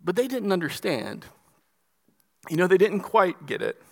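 A male pastor with a fairly high voice delivers a lively storytelling sermon. He trips and restarts on his words as he pushes forward. The delivery feels spontaneous rather than read. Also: normal speed, big-room sound. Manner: animated, stammering restarts, dramatic retelling.

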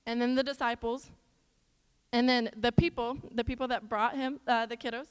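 A young woman from Iowa tells stories to a church audience in a high, smooth voice. She is animated and chatty, and talks straight to her listeners with asides. Long reverb from a church hall carries every word. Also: moderate pace. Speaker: church speaker. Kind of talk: chatty sermon with storytelling.

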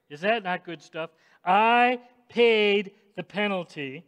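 A male pastor delivers a sermon in a fairly high voice, taking his time. He talks straight to his listeners and rises to shouts at times. A long reverb rings through the large church hall. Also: slow, clean tone. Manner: emphatic, addresses the congregation directly, rises to shouts.

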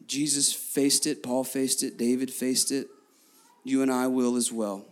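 A man in his thirties, a pastor preaching a sermon to his congregation, telling stories lively, repeating phrases and talking straight to the crowd. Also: medium pitch, measured pace. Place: church before a congregation.

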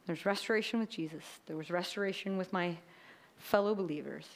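A woman's voice: mid-range voice, a little fast. A woman giving a sermon in a chatty, conversational way, often checking in with "right?". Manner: chatty, tags lines with "right?". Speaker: preacher.

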